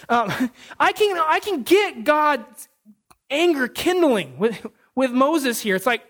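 A male pastor preaches in a lively, storytelling manner. He often stops and restarts his sentences and acts out family scenes as he speaks. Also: very high-pitched, takes it slowly, long pauses. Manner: animated storytelling with frequent restarts. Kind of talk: sermon.

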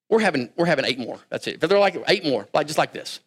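A man's voice: on the high side, animated, fast talker, few pauses. Man preaching in a conversational way. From Kentucky. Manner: conversational preaching, swings between soft asides and raised emphasis. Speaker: pastor. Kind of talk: sermon.

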